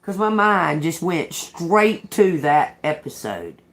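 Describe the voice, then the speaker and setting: A woman's voice: lowish voice, slow pace. Swearing, laughing woman tarot reader. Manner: profane, animated storytelling with frequent laughs; addresses viewers as y'all. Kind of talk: casual tarot reading to camera.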